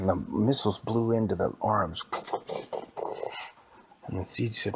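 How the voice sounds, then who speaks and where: A man improvising a story for a child, animated and dropping into whispers for suspense. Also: fairly low pitch, normal speed, creaky, slight background noise.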